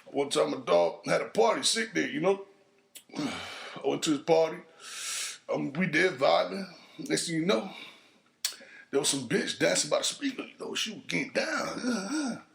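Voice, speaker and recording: A man hosting a podcast, telling a crude street story in a casual, profane monologue and jumping into higher voices for the people he quotes. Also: animated, a little slow, vocal fry, long pauses, fairly bright tone. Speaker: podcast host.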